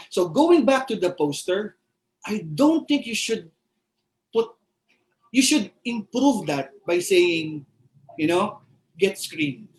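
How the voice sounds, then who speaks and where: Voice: medium pitch, darkish tone, low-quality recording. A radiation oncologist with a Filipino accent giving an emphatic webinar health lecture, full of rhetorical questions and the tag "no?".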